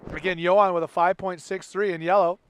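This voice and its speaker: A man calling a live sports contest play-by-play, in an energetic, exclamatory way. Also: high-pitched, a little fast, a little hiss or hum. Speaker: contest commentator.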